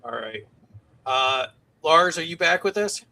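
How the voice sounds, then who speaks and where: A man hosting an online panel game show, briskly reading out questions and calling on each guest. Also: fairly high pitch, lively intonation, sharp tone, poor audio.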